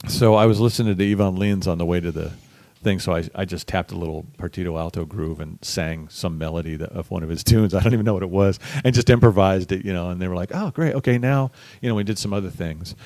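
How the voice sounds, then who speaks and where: A middle-aged man, a bass musician, telling a lively story in a casual interview, acting out the people he quotes. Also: quick pace, dry recording. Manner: animated storyteller, acts out quoted voices. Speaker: guest musician.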